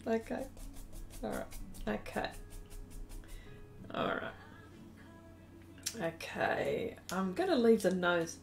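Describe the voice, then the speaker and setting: Soft music plays behind an Australian art instructor doing a live painting demo on stream, reading chat aloud, giggling, and greeting viewers by name. Her medium-pitched voice is expressive and creaky, slow, with frequent pauses.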